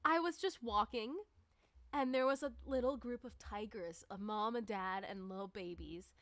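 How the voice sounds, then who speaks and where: A woman's voice: medium pitch, normal speed, a bit bright, no echo. A woman chatting casually on a livestream, rambling and peppering her talk with "like.". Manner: rambling, chatty, many "like" fillers. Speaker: livestreamer and musician.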